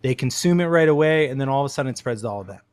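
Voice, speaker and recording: A man who is a podcast guest, explaining things in a friendly, casual way with quick asides. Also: mid-range voice, lively intonation, a little mellow, no room sound. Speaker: podcast guest, shrimp breeder.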